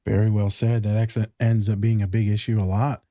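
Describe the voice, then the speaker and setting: A man's voice: fairly low pitch, level tone, fairly quick, dark tone, no echo. A man hosting a casual podcast chat, telling stories bluntly and swearing freely. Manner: blunt, profane storytelling. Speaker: podcast host. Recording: slightly dull lo-fi recording.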